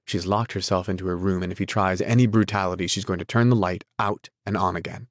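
A man's voice: deep voice, fairly even intonation, fast talker, no room sound, clean studio sound, natural voice. A man reading the part of an earnest, anxious wealthy young man keeping watch, formal and insistent, in an audiobook.

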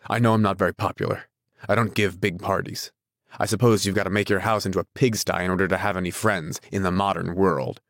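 A deep-voiced arrogant rich man sneers and snaps, as a male reader plays him. He sounds incredulous and insulting. The recording is close and dry. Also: steady tone, fairly quick, no echo. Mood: scornful. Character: arrogant wealthy man, scornful and bullying.

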